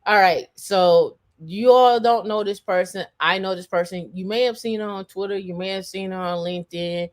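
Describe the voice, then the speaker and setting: A woman's voice: mid-range voice, moderate pace, hardly any pauses. A woman hosting a casual tech livestream, talking in a rambling way with many fillers and restarts. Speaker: show host.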